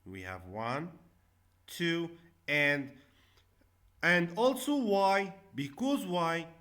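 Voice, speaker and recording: A man teaching a classroom English lesson, repeating each word and stressing the syllables loudly. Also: a little high, expressive, very slow.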